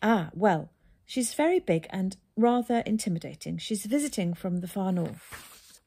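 A woman voicing a shy, gentle female hare who speaks softly and hesitantly in a storybook reading. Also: mid-range voice, animated, measured pace, gravelly, husky, full character voice. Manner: soft, hesitant, embarrassed.

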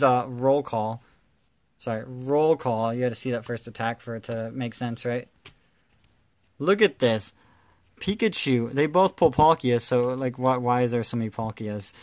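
A man doing casual, playful commentary while opening trading card packs, excitedly calling out cards and teasing his viewers. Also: medium pitch, dry recording. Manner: excitable, calls out card names with bursts of energy.

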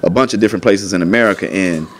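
Comedian guest, man, low voice, North Carolina accent, easygoing. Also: racing, fairly bright tone, a little hiss or hum. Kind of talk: casual chat.

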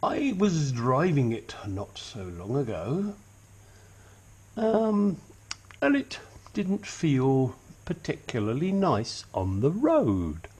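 A man's voice: medium pitch, huge pitch swings, slow pace, darkish tone, breathy edge. A man hosting a casual car repair vlog, talking in a dry, teasing, joking way.

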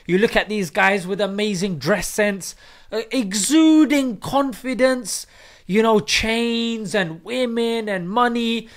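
A man's voice: sits high, slow pace. A man hosting a faith-based video channel, delivering a chatty, slangy, joking rant as commentary. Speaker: Islamic video host. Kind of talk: comic ranting commentary.

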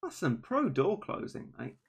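A man's voice: on the high side, wildly swooping pitch, measured pace, vocal fry, husky. A man, chatting casually on a live stream with dry, self-deprecating humor.

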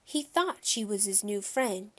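Woman narrator for a children's audiobook, lively and expressive. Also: medium pitch, unhurried.

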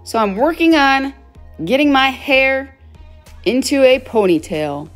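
A woman beauty vlogger telling stories and walking through a hair tutorial in a chatty, animated way. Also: high voice, measured pace, faint music behind. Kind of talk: casual storytelling and hair tutorial.

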